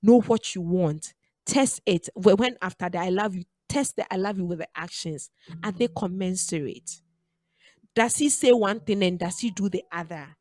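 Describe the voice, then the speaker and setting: A woman's voice: fairly low pitch, moderate pace, a little mellow, no echo. A woman hosting a radio talk show, giving preachy, emphatic advice and repeating her key phrases. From Ghana.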